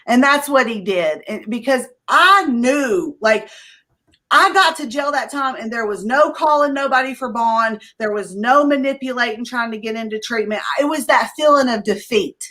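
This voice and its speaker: A woman's voice: on the high side, expressive, moderate pace, sharp tone. A middle-aged woman, giving a blunt, candid personal recovery testimony as an interview guest. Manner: candid, conversational, blunt with profanity.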